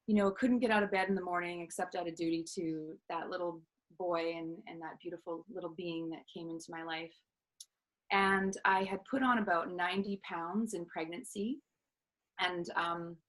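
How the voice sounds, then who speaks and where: Earnest, lowish woman telling her story. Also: fairly bright tone, poor audio. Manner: earnest, reflective, many fillers and restarts. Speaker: self-love coach, guest. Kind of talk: personal story in an interview.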